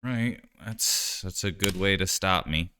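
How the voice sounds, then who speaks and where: A man's voice: low-pitched, measured pace, bright, forceful tone, a little hiss or hum. A man streaming live, chatting casually and joking while he plays a card game, rambling with lots of "like" and "you know".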